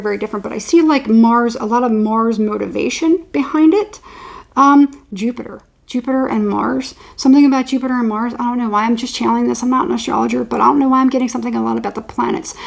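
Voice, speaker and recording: Female psychic reader, slightly high voice with vocal fry, loose and repetitive delivery. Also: a little mellow. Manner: rambling, repeats words while channeling. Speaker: tarot reader. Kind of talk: intuitive horoscope reading.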